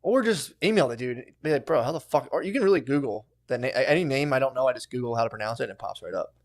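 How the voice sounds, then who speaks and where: A young man telling stories on a casual podcast, in a middle-pitched voice. He talks in an animated, profane way. He breaks into laughter and throws in quick asides. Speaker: podcast co-host.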